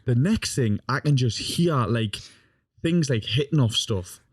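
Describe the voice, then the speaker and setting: A man's voice: medium pitch, animated, a little slow, husky, no room sound, clean studio sound. A young man, a podcast guest, telling a funny story in casual talk, swearing often and laughing as he goes. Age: young adult.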